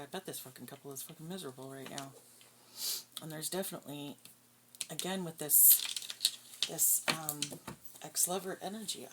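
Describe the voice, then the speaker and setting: Brief: low-pitched woman reading tarot, blunt and foul-mouthed, loud shuffling and crinkling noise behind. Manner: blunt, profane, scornful. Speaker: tarot reader.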